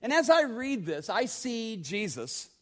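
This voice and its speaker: High-voiced preacher, conversational. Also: male voice, very animated, unhurried, a bit bright. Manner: conversational, repeats words, asks the congregation questions. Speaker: pastor. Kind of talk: sermon.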